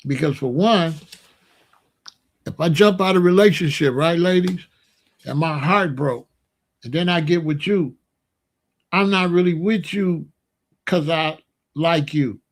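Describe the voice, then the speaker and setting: A man with a slightly high voice talks a bit slowly, with frequent pauses, as he hosts an online talk show. His relationship advice is casual, jokey and full of slang, aimed straight at his listeners.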